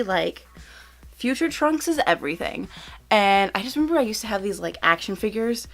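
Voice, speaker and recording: A young woman chats through a casual countdown vlog. She gushes and giggles, packing her sentences with filler words and excited exclamations. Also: medium pitch, moderate pace. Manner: gushing, giggly, lots of "like" and "oh my God". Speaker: YouTuber.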